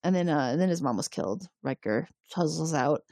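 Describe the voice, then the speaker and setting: A woman's voice: sits low, brisk, husky, no room sound, clean studio sound. A woman co-hosting a podcast who recaps a TV episode in a casual way. She laughs a lot and swears freely. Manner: animated, laughs often, profane. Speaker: podcast co-host.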